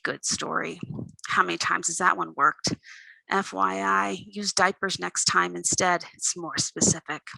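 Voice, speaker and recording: A woman voicing a gruff, threatening man with a low, gravelly voice, speaking slowly and clipped. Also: steady tone, sharp tone, no room sound, exaggerated voice, rough recording. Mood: mocking. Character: gruff tough man, menacing and mocking.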